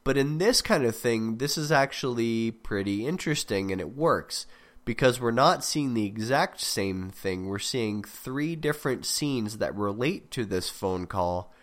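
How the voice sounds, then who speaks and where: A man with a somewhat low voice and a slightly sick sound talks through a story critique in a loose, rambling way. He interrupts himself and tosses in dry, wry asides as a podcast host. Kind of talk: casual spoken critique.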